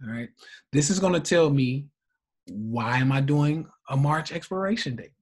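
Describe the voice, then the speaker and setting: A man's voice: mid-range voice, expressive, a little slow, pauses often, slightly rough. A man running a live trading class, blunt and profane, laughing often between points.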